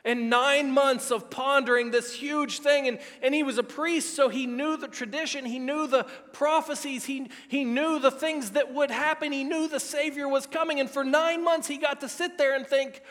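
Excitable high-voiced male pastor. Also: normal speed, few pauses, big-room sound. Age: middle-aged. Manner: excitable, emphatic, swings between shouting and hushed tones. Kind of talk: sermon. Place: church sanctuary.

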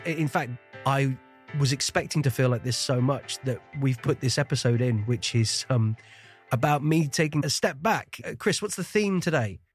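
Laughing, rambling British podcast host. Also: male voice, medium pitch. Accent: neutral British with faint traces. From Shetland Islands, Scotland. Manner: self-deprecating, laughs often, rambling. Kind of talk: casual chat.

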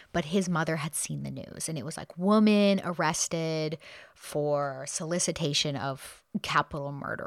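A woman hosting a podcast, casually retelling a true crime case with quick asides and the odd laugh. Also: on the low side, a bit bright, dry recording, clean studio sound. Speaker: podcast host.

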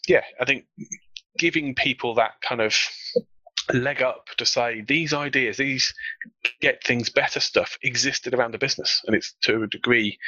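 Brief: man, panel guest, slight frog in throat, bright forceful tone, dry dull lo-fi sound. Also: medium pitch, dry recording. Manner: animated, acts out quoted colleagues. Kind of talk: casual panel discussion.

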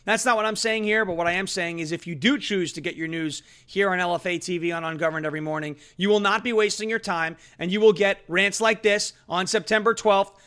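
Loud fast-ranting male political host. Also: sits high. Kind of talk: political commentary show.

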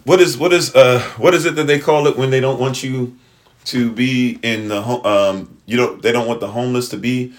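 This livestream host talks at a medium pitch with fairly even intonation and a moderate pace. His lecture loops back on itself with repeated "right?" and restarted sentences, and now and then he turns to viewers in chat or a partner who's off-mic.

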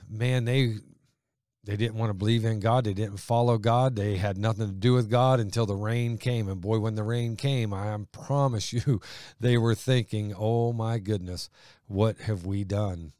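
A man preaching a sermon with fervent emphasis, his delivery rising loud and dropping quiet. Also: lowish voice, no echo, clean studio sound.

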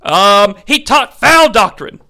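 A man voicing a scheming, obsequious high priest who hesitates and flatters. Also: slow, heavily acted. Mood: wheedling. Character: fawning scheming high priest, male, middle-aged.

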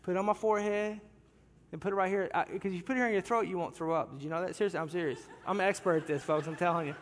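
Racing along in a high voice, a male pastor tells a funny story in his sermon, engaging his congregation lively and directly in the sanctuary. A long reverb from the big church hall fills the recording.

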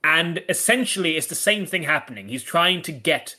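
A man co-hosting a casual podcast chat, picking his words carefully and circling back to rephrase his points. His voice sits a little high and sounds bright and forceful, and his delivery stays measured and analytical. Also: expressive. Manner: thoughtful, hesitant, with frequent restarts. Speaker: podcast co-host.

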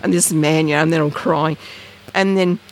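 An Australian woman, an interview guest, telling a personal story in a lively way and acting out the voices and sounds in it. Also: low voice, moderate pace. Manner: animated, acts out voices and sounds.

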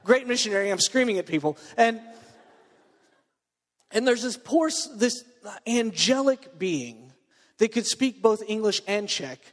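A male preacher tells a story from the pulpit in a loose, chatty way, full of fillers and asides to the crowd. His voice sits high for a man. The sound carries a long reverb from a large hall. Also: expressive, measured pace. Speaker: pastor. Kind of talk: sermon.

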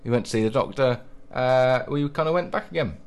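A man co-hosting a radio show, chatting casually and rambling with many pauses and restarts. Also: mid-range voice, lively intonation, a little mellow. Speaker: radio co-host.

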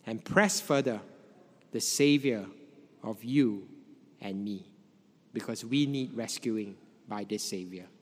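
A man preaching a sermon in a measured way, letting his voice drop low at the ends of phrases. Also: husky. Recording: long hall reverb.

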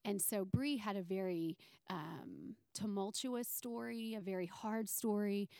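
Woman, podcast guest, faith story, animated, emotional, fillers and restarts, mid pitch, dry close sound. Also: a little slow, vocal fry, smooth, no echo. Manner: emotional, near tears. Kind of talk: personal faith story in conversation.

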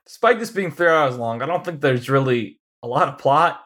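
A man's voice: a little high, a bit bright. A man co-hosting a podcast, chatting casually about a film, laughing often and acting out lines in mocking voices. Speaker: podcast co-host. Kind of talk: casual film discussion chat.

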